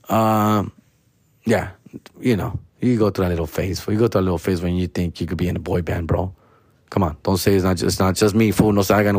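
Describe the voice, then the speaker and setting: A man's voice: mid-range voice, no echo, clean studio sound. A man, a comedian host riffing in a profane, slangy monologue and ending lines with "fool" and "dog". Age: 40s.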